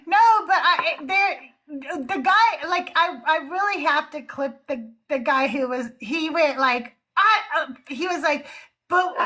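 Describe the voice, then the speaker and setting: High bright-voiced woman host. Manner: animated storyteller, laughs often, acts out callers. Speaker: live call-in show host. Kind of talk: casual livestream chat.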